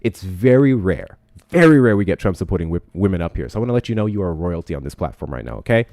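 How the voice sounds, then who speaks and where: A man's voice: sits low, sing-song, quick pace, no room sound. A man hosting a live-stream debate show, talking loosely with lots of swearing and laughing. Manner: loud, swearing, laughs a lot. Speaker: livestream debate host. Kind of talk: casual live-stream talk.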